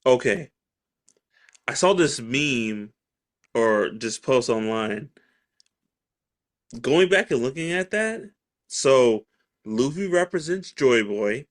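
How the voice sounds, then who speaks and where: A man co-hosting a casual podcast, his pitch rising and falling a lot as he talks. He lays out theories and throws questions to his partner, laughing readily along the way. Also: slow pace, long pauses. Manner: lively, questioning, laughs easily. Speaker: podcast co-host. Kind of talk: casual chat.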